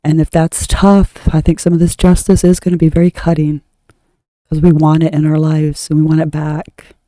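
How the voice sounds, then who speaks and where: A woman's voice: low voice, flat delivery, moderate pace, dark tone, no echo, low-quality recording. A woman from the United States reading tarot, talking in a blunt, rambling monologue that trails off and restarts mid-thought. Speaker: tarot reader. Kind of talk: opinionated spoken monologue.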